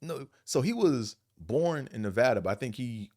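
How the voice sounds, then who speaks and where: A man from Buffalo with a Buffalo accent, hosting a casual monologue vlog, rambling and animated, profane, often mimicking other people's accents. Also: mid-range voice, moderate pace, dry recording, clean studio sound. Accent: Buffalo, New York. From Buffalo, New York. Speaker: vlog host.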